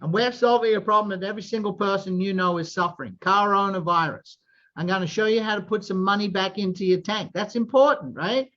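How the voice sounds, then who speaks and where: A man in his sixties hosting a group video call, giving an energetic sales pitch and often asking "right?". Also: fairly quick. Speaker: host of a sales presentation call. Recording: dull lo-fi video call audio.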